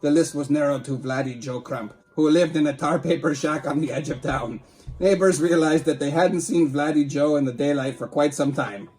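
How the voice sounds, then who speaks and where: A man's voice: fairly high pitch, normal speed, darkish tone. A man hosting a comedy show, reading a tabloid article aloud and breaking off with playful, teasing asides to a silent puppet sidekick.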